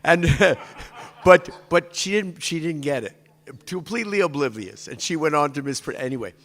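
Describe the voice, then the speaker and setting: A man's voice: on the high side, lively intonation, moderate pace, a bit bright. A man telling a casual, rambling story to a congregation. He often restarts his sentences and stops to explain how words are pronounced. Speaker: speaker addressing a congregation. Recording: long reverb of a large hall.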